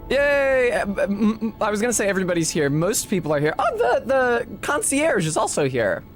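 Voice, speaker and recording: A man's voice: high voice, huge pitch swings, normal speed, faint music behind. A young man streaming a video game, commenting in a sarcastic, rambling way. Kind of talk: let's-play commentary.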